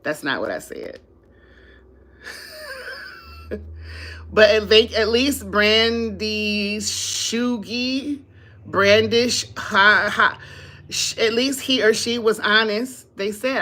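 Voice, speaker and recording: A woman talks on her live stream in a bright, forceful voice. She chats loosely with her viewers, laughs a lot and reads their comments aloud, a little drowsy after eating. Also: mid-range voice, slow pace. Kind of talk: casual live stream chat.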